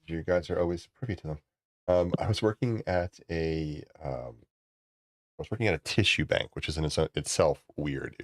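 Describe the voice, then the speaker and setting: A man's voice: no room sound, studio quality. A man chatting casually with friends, telling rambling anecdotes and swearing freely. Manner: rambling anecdotes, swears freely, acts out voices high and loud. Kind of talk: casual storytelling chat.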